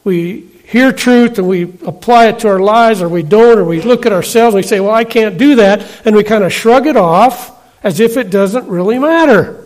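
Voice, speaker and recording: High-voiced preacher, chatty with his flock. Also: a little mellow. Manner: conversational, asks the congregation quick questions. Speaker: pastor. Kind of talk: sermon.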